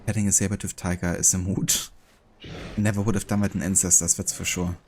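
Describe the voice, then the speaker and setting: A man with a German accent chatting casually with viewers while he plays, relaxed and talkative. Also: low voice, fast talker, slight background noise. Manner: relaxed and chatty, with easy laughs. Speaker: streamer. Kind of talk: casual gameplay chat with viewers.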